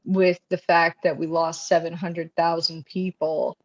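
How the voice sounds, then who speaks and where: A woman with a somewhat low voice chats as a guest author, loose and full of fillers, slipping into quick voices when she quotes people. The sound is dull and lo-fi, as if coming through a video call. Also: level tone. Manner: chatty, many fillers, acts out quoted voices. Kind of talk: casual conversation.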